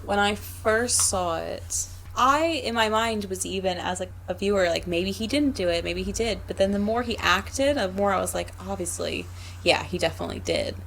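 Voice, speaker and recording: A woman's voice: medium pitch, normal speed, creaky, a little hiss or hum, poor audio. A woman co-hosting a podcast, chatting casually about a movie and backing up her co-host with frequent agreement. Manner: steady, agreeing with frequent mm-hmms.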